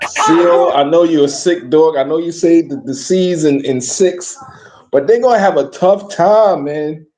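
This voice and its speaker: A man hosting a podcast, talking about basketball in animated, profane casual banter with frequent restarts. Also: a little high, unhurried, faint music behind. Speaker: podcast host.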